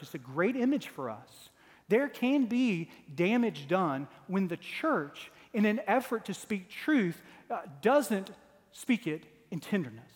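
A man in his forties delivers a sermon with a notably high voice, earnest and building toward emphatic, repeated lines. His words ring out with a long reverb, as in a church sanctuary. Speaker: pastor.

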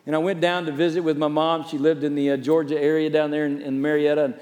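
A male pastor preaching a storytelling sermon, turning from emphatic to soft and hushed. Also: fairly high pitch, level tone, quick pace, in a large hall.

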